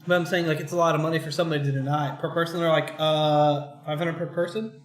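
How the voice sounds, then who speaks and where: A man's voice: a little high, little pitch movement, fast talker. A man co-hosting a casual chat, joking and acting out quoted voices. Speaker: co-host. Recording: echoey room, faint music.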